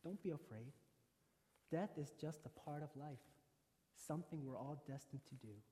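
A calm, gentle dying mother speaks in a hushed voice, soft and low in level, as a preacher quotes her in his sermon. The sound carries a long churchy reverb. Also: normal speed, natural voice. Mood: serene.

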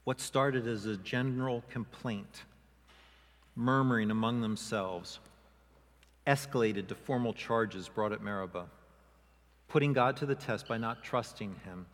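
A male pastor preaching a sermon, expressive, often acting out quoted voices with rising emphasis. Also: fairly low pitch, unhurried. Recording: long hall reverb.

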